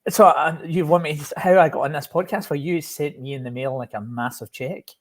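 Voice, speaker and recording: A Glaswegian man from Scotland, a safety coach, chats as a guest on a casual podcast, joking and laughing while tripping over and repeating his words. His voice is fairly high and fairly quick, with fairly even intonation.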